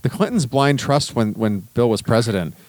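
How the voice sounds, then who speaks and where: A man's voice: medium pitch, animated, moderate pace, darkish tone, no echo. A man co-hosting a casual podcast, arguing his points and stammering on restarts. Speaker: podcast co-host. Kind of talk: casual chat.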